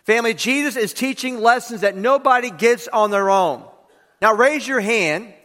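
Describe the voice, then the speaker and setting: A man's voice: extremely high pitch, moderate pace, sharp tone, long reverb tail. A man preaching a sermon to his congregation, who leads them in repeating key lines aloud. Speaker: pastor. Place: church sanctuary.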